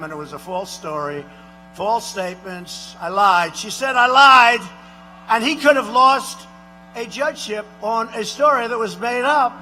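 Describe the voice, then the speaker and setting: A man doing an impression of a boastful male president giving a rambling rally speech, repeating himself and shouting out punchlines. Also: extremely high pitch, full character voice. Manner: repetitive, rambling, bragging, with sudden shouted lines.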